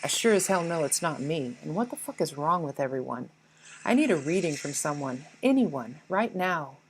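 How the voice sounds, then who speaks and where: A woman's voice: low-pitched, sing-song, moderate pace, slight background noise, rough recording. A woman voicing a petty, defensive inner ego that blames everyone else, whiny and indignant, with swearing. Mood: self-pitying. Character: petty defensive ego voice, self-pitying, blaming others.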